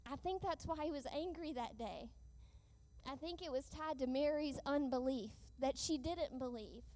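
A woman preaching a sermon with an earnest, measured delivery, slowing down for emphatic lines. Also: high-pitched, warm tone.

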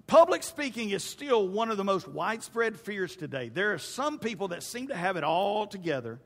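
A man's voice: high voice, fairly bright tone. A male pastor preaching a folksy, conversational sermon straight to his congregation. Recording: reverberant hall.

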